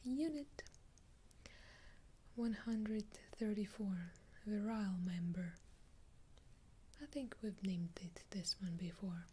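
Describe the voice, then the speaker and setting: A woman's voice: mid-range voice, slow pace, long pauses, dark tone, slight background noise. A woman with a Russian accent whispering an ASMR video, reading a numbered list with dry, amused asides. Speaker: ASMR creator.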